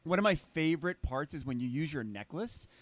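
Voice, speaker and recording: A man co-hosting a casual chat, campy and gushing, quick to laugh. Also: fairly high pitch, expressive.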